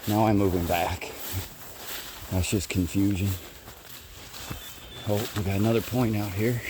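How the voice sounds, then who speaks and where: Guy walking the woods training his bird dogs, deepish voice, noisy outdoor recording. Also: fairly even intonation, unhurried. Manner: calls loudly to his dogs while explaining. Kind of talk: walking field narration to camera. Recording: outdoor field recording with noise. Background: birds and outdoor sounds.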